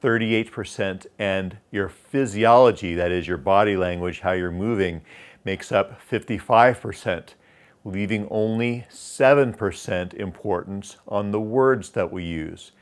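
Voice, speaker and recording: A man teaching sales, explaining voice tonality and demonstrating pitch drops with slow, emphatic phrases. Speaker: sales trainer. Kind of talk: instructional talk.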